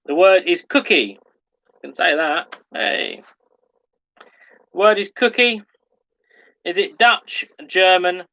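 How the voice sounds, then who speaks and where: A quiz host with a bright, forceful, rather high voice reads his questions at an unhurried, careful pace. He repeats every question so players can keep up, and pokes fun at himself when a word trips him up. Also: highs cut off. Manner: slow, deliberate, repeats each question; self-mocking when tongue-tied. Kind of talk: reading out pub quiz questions.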